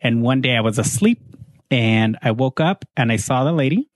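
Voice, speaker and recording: A man's voice: medium pitch, normal speed, dry recording. A man with a Chicano accent, chatting casually and telling a ghost story with lots of acted-out voices. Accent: Chicano English. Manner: animated storyteller, acts out voices and laughs often.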